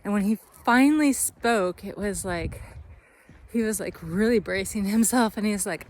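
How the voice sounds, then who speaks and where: A woman's voice: fairly high pitch, moderate pace, a little hiss or hum. A woman from the United States telling a travel story to camera in a chatty way, laughing often and full of fillers. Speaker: vlogger.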